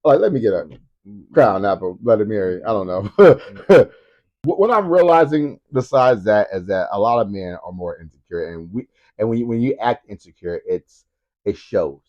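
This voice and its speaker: Animated storytelling man. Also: fairly low pitch, moderate pace, highs cut off. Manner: animated storytelling, acts out voices. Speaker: podcast co-host. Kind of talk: casual comedic chat.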